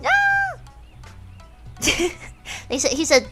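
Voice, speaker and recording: A high-pitched, excitable woman streamer chatting while she plays a game. Her pitch swings widely and she breaks into giggles often. Faint music plays behind her. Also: takes it slowly. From United States. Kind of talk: casual chat while gaming.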